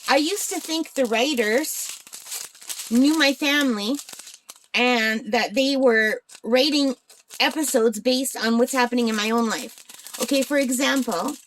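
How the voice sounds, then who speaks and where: Her voice sits a little high, with a faint hiss or hum in the background. This crafting channel host, a woman in her forties from northern Ontario, Canada, rambles chattily as she works on a craft, hiccuping and putting questions to her viewers.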